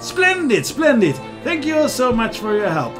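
A high, lively, pompous city official , as a man puts him on, gushes formal thanks. Game music plays underneath. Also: unhurried, heavily acted. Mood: effusive. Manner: grand and effusive.

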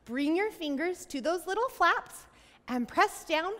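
A woman's voice: very high-pitched, animated, measured pace, fairly bright tone. A young woman leading a yoga class for children, playful, sing-song and encouraging, with animal sounds. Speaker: kids yoga teacher. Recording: long reverb in a large room.

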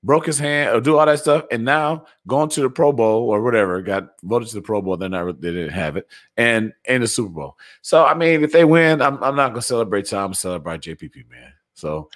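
A man of middling pitch chatting casually about sports. He tells stories in an animated, joking way, with playful asides. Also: fairly quick. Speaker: sports talk co-host.

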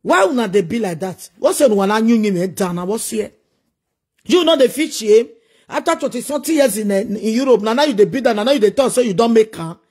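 A man's voice: high voice, expressive, a little fast, a little mellow, breathy edge. A man with a Nigerian accent delivering a preachy, scolding monologue full of repeated rhetorical questions. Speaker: social media commentator.

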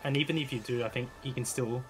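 A man's voice: medium pitch, fairly even intonation, quick pace, poor audio. A man on voice chat in a game raid, chatting and thinking aloud about tactics. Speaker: raid player. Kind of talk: casual gaming voice chat.

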